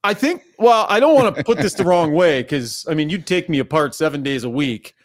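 A man's voice: on the high side, expressive, brisk, no echo, clean studio sound. A man hosting a sports radio show, setting up clips and tossing to his co-hosts in casual talk. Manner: leads the segment, sets up clips. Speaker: radio host.

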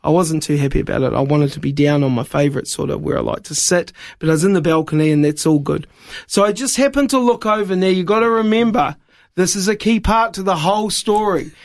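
A high-voiced man from New Zealand, an evangelist guest on a radio show, tells a story at a quick pace. He's an animated storyteller whose voice climbs higher when he gets excited.

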